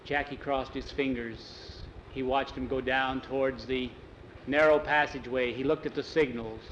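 A man telling a story aloud in a plain, unhurried, folksy way. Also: medium pitch, fairly even intonation, fairly bright tone. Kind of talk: oral storytelling. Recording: dull lo-fi, faint vehicle noise.

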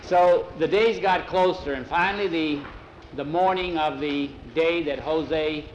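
Male oral storyteller, folksy and unhurried, slightly raised pitch, dull low-fi tape. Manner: folksy, conversational, with accented character voices. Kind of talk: oral storytelling with voiced dialogue. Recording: dull lo-fi recording with faint vehicle noise.

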